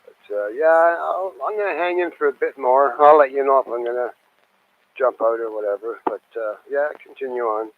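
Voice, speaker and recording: Tired radio operator, easygoing, on a tinny line with faint hiss. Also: male voice, medium pitch, moderate pace.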